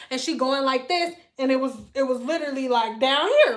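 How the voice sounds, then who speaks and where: A woman hairstylist tells stories on a casual livestream in a blunt, profane, animated way. Her voice sits high and sounds bright and sharp. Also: normal speed, few pauses.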